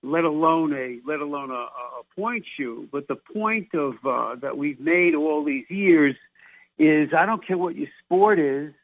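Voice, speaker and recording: A man's voice: on the high side, a little slow, dry recording. A male sports doctor with a New York accent hosting a casual radio interview, rambling and restarting his phrases. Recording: phone-like narrow band.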